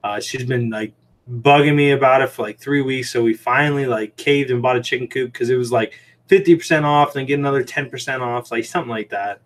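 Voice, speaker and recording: Speaking fairly quickly at medium pitch, a livestream host who sells aquarium shrimp chats from a room at home lined with fish tanks. He spins casual, rambling stories peppered with "like" and "um".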